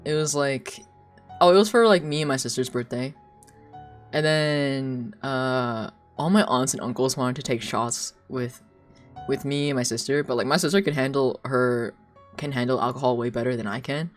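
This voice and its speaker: A woman's voice: very deep voice, moderate pace, soft background music. A young woman streamer chatting casually while she draws, telling stories with lots of giggles. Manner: giggly, animated storytelling.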